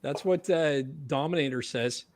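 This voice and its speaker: A podcast host with a Canadian accent runs a casual livestream chat, playful and laughing as he keeps score. His voice is on the high side, at a moderate pace.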